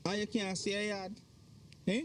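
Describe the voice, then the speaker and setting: An actor playing Donovan, a jealous working Jamaican husband loudly complaining about his wife and the pastor. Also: sits high, flat delivery, moderate pace, a little hiss or hum, natural voice. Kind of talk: Jamaican film drama acting.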